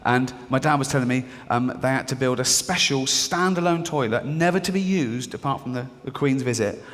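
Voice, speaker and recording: A middle-aged man doing stand-up comedy, telling stories with mock voices and animated outbursts. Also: mid-range voice, fairly quick. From England. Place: large theatre stage. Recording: reverberant hall with audience noise. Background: audience laughter.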